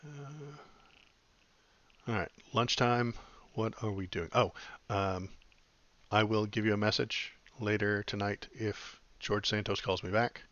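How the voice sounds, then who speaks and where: A man's voice: fairly low pitch, steady tone, slow, a bit bright, lo-fi sound. A man hosting a podcast in casual chat, rambling and wry with lots of fillers. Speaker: podcast host.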